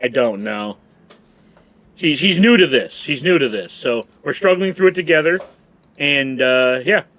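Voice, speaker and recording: A man's voice: mid-range voice, lively intonation, a little slow, fairly bright tone. A man chatting casually with friends on a gaming stream, laid-back and joking. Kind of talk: casual chat.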